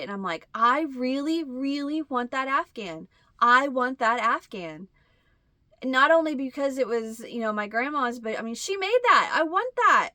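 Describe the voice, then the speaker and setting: A Midwestern American woman chats casually to her viewers, wandering through a story and acting out bits of dialogue. Her voice is bright and sits a little high. The sound is dry and close. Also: no echo. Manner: rambling storytelling, acts out dialogue in a higher voice. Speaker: crochet channel host. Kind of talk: casual chat to camera.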